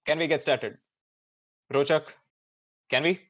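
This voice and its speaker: A man's voice: fairly high pitch, unhurried. Hyped young man hosting with Indian English. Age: 20s. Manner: energetic, chatty, many fillers. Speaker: host. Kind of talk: hyped live event hosting.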